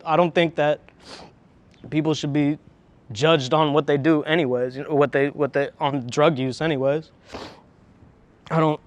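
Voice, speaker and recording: A man talking candidly in an interview, frank and profane, reflective, often restarting his sentences. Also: on the high side. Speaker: interviewee, harm reduction worker.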